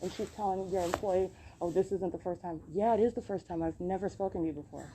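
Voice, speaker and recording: Brief: woman, lowish dark voice, insistent and accusing, phone recording with faint background noise. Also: fast. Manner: accusing, insistent, repeats herself. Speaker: podcast host recording her own encounters. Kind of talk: live self-recorded commentary. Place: public library.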